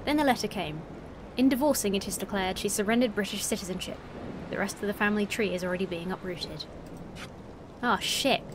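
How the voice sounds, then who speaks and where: A woman's voice: mid-range voice, a little fast, noisy background. A young woman casually commenting on a game she plays, wry and sweary, reading the game text aloud and trying on accents. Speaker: streamer playing a game. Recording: game music behind.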